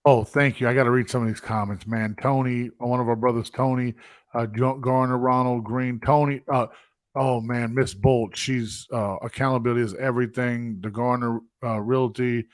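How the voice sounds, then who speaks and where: Excitable male live-stream host, effusive, dry close sound. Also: mid-range voice, normal speed, no room sound. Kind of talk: live stream shout-outs.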